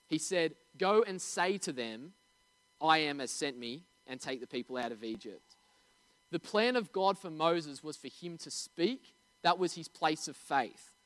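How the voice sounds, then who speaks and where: A man's voice: sits high, in a large hall. A man preaching a sermon, telling stories with energy and asking the congregation questions. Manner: storytelling, animated, asks the audience questions. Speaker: pastor.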